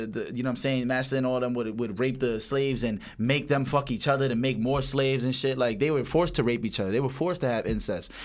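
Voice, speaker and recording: Fast-talking young man with a Dominican accent. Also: mid-range voice. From Dominican Republic. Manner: animated, profane, streetwise slang. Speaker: podcast host. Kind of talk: casual chat, storytelling.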